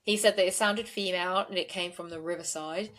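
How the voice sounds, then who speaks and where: A woman's voice: lowish voice, fairly even intonation, a little fast, fairly bright tone. A woman, co-hosting a true-crime podcast and retelling court events in a chatty way full of "like". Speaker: podcast co-host.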